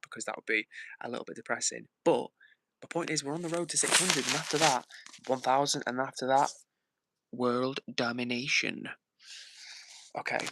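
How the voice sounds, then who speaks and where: A man's voice: mid-range voice, bright, forceful tone, no room sound. A man hosting a casual live stream, chatting and joking while reading viewer comments aloud. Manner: joking, playful. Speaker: livestreamer.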